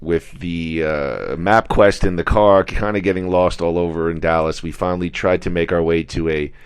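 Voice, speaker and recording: A man with a very deep, smooth voice co-hosts a casual podcast. He tells stories with a deadpan, joking delivery. The recording is dry and close, made in a hotel room. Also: normal speed, no echo. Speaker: podcast co-host. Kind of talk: casual chat.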